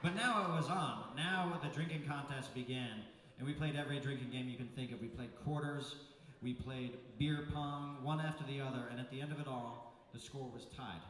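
A man's voice: medium pitch, normal speed, fairly bright tone. A man telling a comic story on stage to an audience, in a loose, profane, rambling way with lots of fillers. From United States. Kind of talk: live comedic storytelling. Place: large venue with live audience. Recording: echoey hall from far off with crowd.

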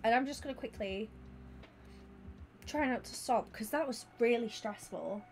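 A young woman streaming live, chatting with her viewers in an excitable, rambling way. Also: fairly high pitch, normal speed, a little hiss or hum. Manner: chatty and excitable, talks to chat by name. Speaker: Twitch streamer. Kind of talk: casual livestream chat with viewers.

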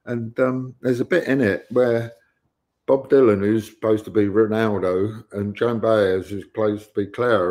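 A rather low-pitched man spins rambling stories. He slips into the voices of the people he quotes, casual and unhurried. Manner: rambling storyteller, acts out quoted lines. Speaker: guest musician. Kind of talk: casual anecdote-telling in an interview. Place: online live show.

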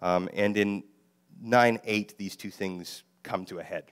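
A man's voice: on the low side, measured pace, clean tone. A man preaching a sermon as a guest speaker, explaining the Hebrew text with fillers and self-corrections and quoting lines in a livelier voice. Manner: voices God and Jonah in lively quoted lines.

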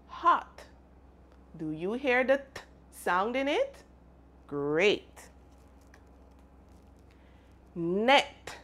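A woman teaching a phonics lesson to young children, modelling letter sounds and words slowly and clearly for them to repeat. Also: mid-range voice, a bit bright.

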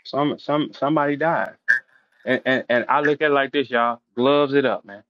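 A middle-aged man hosting a casual interview, loudly calling out a rival with brash, repetitive trash talk. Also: mid-range voice, normal speed, dry recording. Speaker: host. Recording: dull, dry lo-fi sound.

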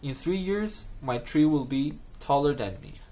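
A man's voice: on the high side, lively intonation, unhurried, dark tone, poor audio. A man voicing a proud young female beaver in a storybook reading, matter-of-fact.

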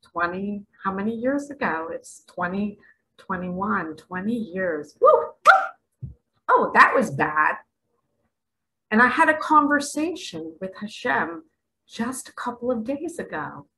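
A woman's voice: medium pitch, big pitch swings, measured pace, bright, forceful tone, low-quality recording. A middle-aged woman giving impassioned spiritual commentary, emphatic and dramatic, sometimes dropping to a whisper. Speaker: spiritual vlogger.

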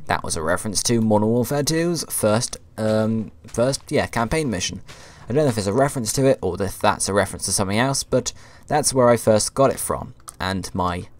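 Young guy at his desk mic, kinda low voice, silly rambling gameplay commentary. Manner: rambling, self-mocking, silly asides. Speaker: gaming YouTuber. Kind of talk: joking Let's Play commentary.

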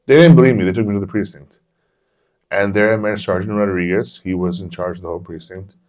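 A man's voice: fairly low pitch, steady tone, fast, darkish tone. A man co-hosting a podcast, telling a long personal story in a rambling, casual way and swearing freely. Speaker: podcast co-host. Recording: dull lo-fi podcast audio.

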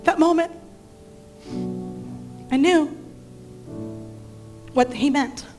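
A woman's voice: high voice, very slow, darkish tone, faint music behind. A middle-aged woman pastor telling a personal story in a sermon, acting out the dialogue of the people in it. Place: church sanctuary.

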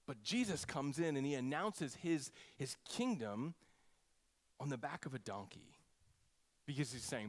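A man preaching a sermon as pastor, animated and conversational, swinging between loud exclamations and hushed lines. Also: medium pitch, unhurried.

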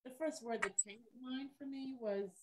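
A woman panelist in a casual discussion, offering soft backchannels and emphatic asides. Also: high-pitched, moderate pace, heavy background noise.

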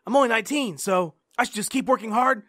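A man's voice: extremely high pitch, fast, sharp tone, dry recording, studio quality, heavily acted. A man playing a naive, polite nineteen-year-old fighter in a comedy sketch, speaking earnestly and innocently.

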